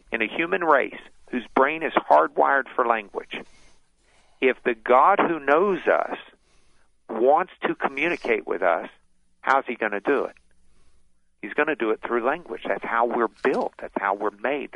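A man's voice: mid-range voice, expressive, measured pace, creaky, no room sound. A man who is a guest author on a radio interview, explaining his ideas at length with many restarts. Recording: tinny phone line.

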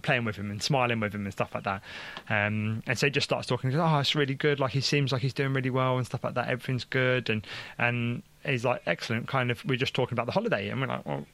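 A man's voice: fairly low pitch, gravelly, fairly bright tone. A man telling a casual, rambling story about his baby son, with many fillers and restarts. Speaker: father sharing a testimony. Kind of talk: casual conversational testimony.

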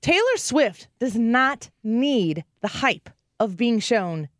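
A woman's voice: a little high, big pitch swings, no echo. Woman co-host, opinionated and wry, talk radio studio, dry close mic. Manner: opinionated, quick banter with wry asides. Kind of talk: casual chat.

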